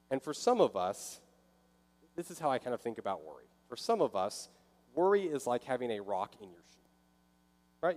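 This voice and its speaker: A pastor preaches in a relaxed, chatty way, his medium-pitched voice slightly mellow. Now and then he briefly takes on the voice of an anxious listener, acting out inner thoughts. A long hall reverb rings around his words.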